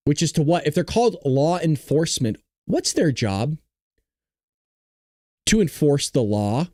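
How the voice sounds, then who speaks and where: A man's voice: medium pitch, expressive, moderate pace, no room sound, studio quality. A man hosting a casual reaction commentary, sarcastic and profane. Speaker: host.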